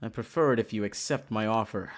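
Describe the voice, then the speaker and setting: A game streamer voicing a composed, soft-spoken male boss from a visual novel, dropping to a lower, quieter, measured delivery. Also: soft background music, close to an everyday voice. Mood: insistent. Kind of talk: visual novel dialogue read aloud by a streamer.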